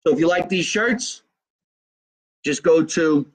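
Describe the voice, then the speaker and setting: A man with a New Jersey accent hosting a live stream from his basement, reading out viewer comments in a brash, profane, fast-talking way. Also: on the high side, breathy edge, rough recording. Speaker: comedian hosting a live show. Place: home basement.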